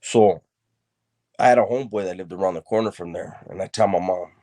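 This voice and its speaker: A man with a very low, deep voice recounts his own past in an unhurried, conversational way. He talks loosely, leaning on street slang and often repeating himself as he goes. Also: warm tone. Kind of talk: casual spoken storytelling.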